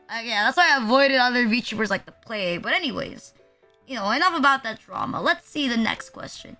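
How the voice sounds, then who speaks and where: A woman's voice: on the high side, expressive, a little fast, bright, forceful tone. A young woman from the Philippines chatting casually on a livestream, rambling and swearing, with lots of "like" in her talk. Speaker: VTuber streamer. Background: faint music.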